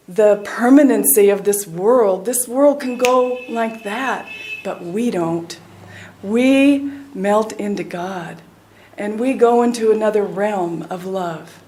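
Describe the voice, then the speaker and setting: Earnest older woman giving a devotional talk. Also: medium pitch. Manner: earnest, drops to a soft hush at tender points. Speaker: spiritual teacher. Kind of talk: devotional talk with a personal story.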